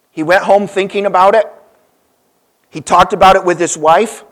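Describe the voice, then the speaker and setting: A man's voice: high-pitched, steady tone, normal speed, pauses often, fairly bright tone. A man preaching a sermon, telling a story and acting out the quoted lines with big rises and drops. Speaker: pastor.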